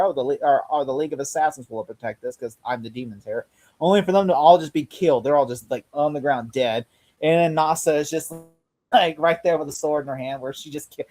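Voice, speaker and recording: A man's voice: on the high side, darkish tone. Rambling man retelling scenes. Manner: rambling retelling, acts out lines, laughs often. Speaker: podcast host. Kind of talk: casual chat.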